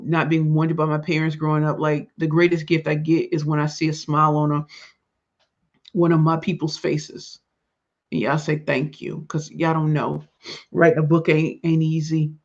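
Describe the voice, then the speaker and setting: A man with a fairly high voice hosts his own livestream and closes the show with heartfelt thanks to his viewers, reading their comments aloud. He talks while in pain from a swollen face. The audio is dull and lo-fi. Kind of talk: emotional livestream sign-off.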